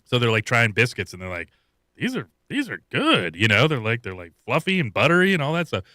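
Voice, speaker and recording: A man's voice: mid-range voice, sing-song, fast, sharp tone, dry recording, clean studio sound. A man co-hosting a casual podcast, rambling through stories with swearing and frequent laughs. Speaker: podcast co-host. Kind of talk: casual chat reacting to news clips.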